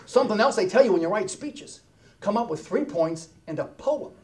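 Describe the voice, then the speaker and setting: Wisecracking stage comic. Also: male voice, high-pitched, moderate pace, a crowd in the background. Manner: wisecracking, animated, drops to hushed asides. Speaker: comedic keynote speaker. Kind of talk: stand-up comedy storytelling. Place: stage before a live audience.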